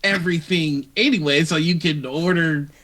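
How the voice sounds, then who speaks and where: A man talking casually as a co-host on a live stream. His voice is notably high for a man, and he muses in steady, easy runs. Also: normal speed. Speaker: podcast co-host.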